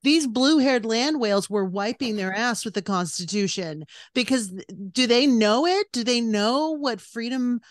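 A woman's voice: on the high side, animated, measured pace, hardly any pauses, no room sound. A woman podcast host in casual chat, ranting bluntly and swearing freely.

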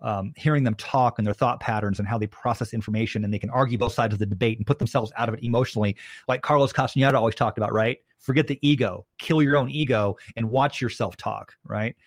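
A man's voice: mid-range voice, fast talker, no echo. A man in his thirties from Arizona, a podcast guest telling long rambling stories and acting out the people he quotes. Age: 30s. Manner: rambling, acts out quoted voices. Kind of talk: casual storytelling conversation.

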